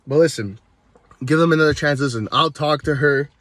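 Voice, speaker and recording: Profane ranting man, higher voice. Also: fast talker, fairly bright tone, dry recording. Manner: heated, swears constantly, rambling. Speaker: vlogger, show host. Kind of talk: profane comedic rant.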